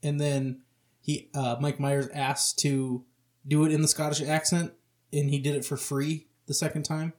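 A man's voice: fairly high pitch, little pitch movement, a little slow, a little mellow. A man co-hosting a casual podcast, easygoing, mostly chiming in with short agreement. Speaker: podcast co-host. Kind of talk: casual chat.

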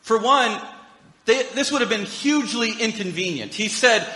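A man's voice: sits high, lively intonation, normal speed, sharp tone. A man preaching a sermon in a conversational, storytelling way with humorous asides. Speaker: pastor. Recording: echoey hall reverb.

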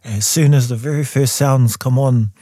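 A man in his forties with a New Zealand accent, a composer guest telling his story in a studio interview and jumping into high voices when he quotes people. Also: moderate pace, dark tone, no room sound. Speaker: guest, composer and taonga pūoro player.

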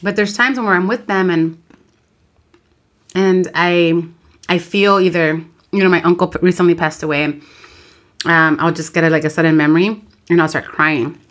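A woman in her thirties talks frankly as a podcast co-host. She has a lowish voice and a lively, open way of telling stories. She mixes English and Spanish freely. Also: moderate pace, pauses often. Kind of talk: casual chat.

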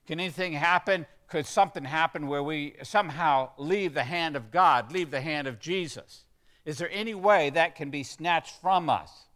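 A man's voice: a little high, moderate pace, fairly bright tone. A pastor preaching a sermon. He stresses key words and gets the congregation to repeat lines back to him. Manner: emphatic, leads the congregation in call-and-response.

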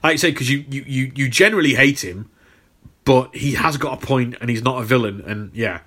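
A bright, forceful-sounding man co-hosting a podcast. He talks in easygoing chat and rambles through explanations with lots of ums and restarted words. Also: mid-range voice, fairly quick. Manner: rambling, filler-heavy, repeats words. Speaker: podcast co-host. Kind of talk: casual chat.

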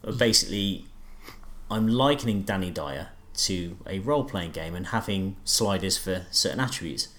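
Low voiced guy on a podcast, explains with lots of uhs. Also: expressive, moderate pace, a bit bright. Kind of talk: casual podcast chat.

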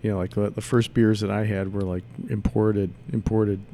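Brewer from Chicago, male, dark lowish voice, hesitant speaker. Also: flat delivery, normal speed, a little hiss or hum. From Chicago, USA. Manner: hesitant, many uhs. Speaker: brewery co-owner. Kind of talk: casual chat.

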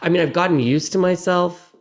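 A man who is a guest on a podcast, talking in a casual, animated way with frequent restarts and big pitch swings. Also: a little fast. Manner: animated, self-interrupting, lively pitch swings. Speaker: podcast guest, former actor. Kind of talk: casual chat.

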